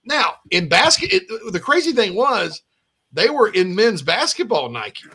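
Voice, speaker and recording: A man hosts a casual sports chat, his voice bright and slightly high. He rambles through stories, restarting often and laughing along the way. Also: big pitch swings, a little slow, husky. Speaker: sports podcast host.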